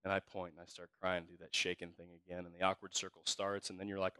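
A man preaching a sermon as pastor, telling stories in a casual, slangy way and swinging from hushed to loud. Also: low-pitched, little pitch movement, quick pace, few pauses, clean tone, no echo.

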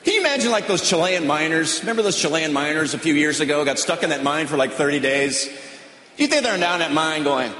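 A middle-aged man doing stand-up comedy on stage with a deadpan drawl, now and then slipping into mocking voices. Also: on the high side, a little fast, background noise. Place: large hall on stage. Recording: roomy, long hall reverb, audience ambience.

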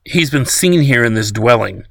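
A man voicing a rough, mocking junior government agent. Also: medium pitch, animated, moderate pace, a bit bright, dry recording. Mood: sneering.

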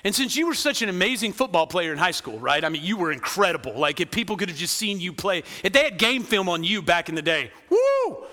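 A man preaching a lively sermon, often asking the crowd "right?" and acting out quoted voices. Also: high voice, fast, few pauses, long reverb tail. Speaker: pastor.

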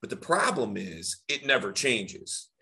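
Male dating coach, podcast chat. Emphatic and lively delivery, bright voice. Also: measured pace. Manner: energetic, emphatic delivery with big swings in pitch; animated public-speaking tonality. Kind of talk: casual podcast conversation.

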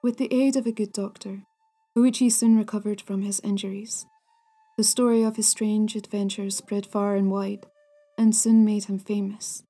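A woman narrating old ghost stories in a hushed, measured way, at times near a whisper. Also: mid-range voice. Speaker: storyteller, podcast host.

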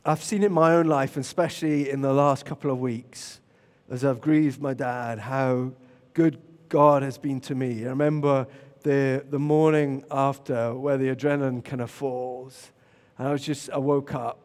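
A man preaching a sermon, telling personal stories, moving between loud animated moments and quiet reflection. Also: medium pitch, unhurried. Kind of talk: sermon with storytelling. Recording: long reverb of a large hall.

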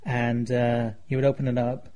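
A man's voice: medium pitch, completely flat delivery, normal speed, mellow. A man co-hosting a casual comedic podcast, rambling through stories with dry jokes. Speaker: podcast co-host.

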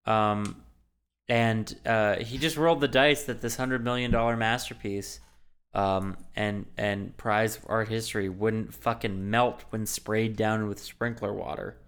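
A man's voice: on the low side, steady tone, a little slow, a bit bright, clean tone. A man co-hosting a casual movie podcast, sarcastic and swearing freely as he rants. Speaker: podcast co-host.

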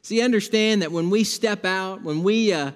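A man with a high-pitched voice preaching a sermon in a church sanctuary. He talks to the congregation conversationally and stacks repeated phrases for emphasis. His voice rings out with the long reverb of a large hall. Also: moderate pace, clear, resonant tone. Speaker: pastor.

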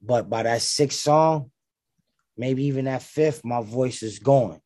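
A man with a gravelly voice, a rapper talking in a casual interview, laid-back and full of slang and fillers. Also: medium pitch, slow pace, warm tone, no echo.

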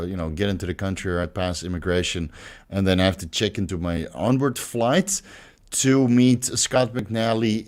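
A livestream host from the Netherlands chats loosely in a Dutch accent, swearing freely, reading out viewer comments, and using many fillers and restarts. His voice is deep with a darkish tone.

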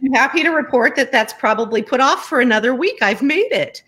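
A woman's voice: high voice, animated, brisk, fairly bright tone, husky. A woman hosting a podcast, chatting casually and upbeat over a video call. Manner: chatty, upbeat, laughs often. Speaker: podcast host. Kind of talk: casual chat.

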